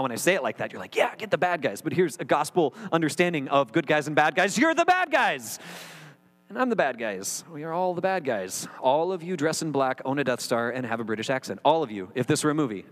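A middle-aged man preaching a sermon as a pastor, animated and jokey with mocking asides, recorded in a church hall. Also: mid-range voice. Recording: reverberant hall with mains hum.

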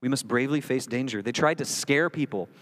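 A middle-aged man preaching a sermon as a pastor, animated and jokey with mocking asides, recorded in a church hall. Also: mid-range voice, a little fast. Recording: reverberant hall with mains hum.

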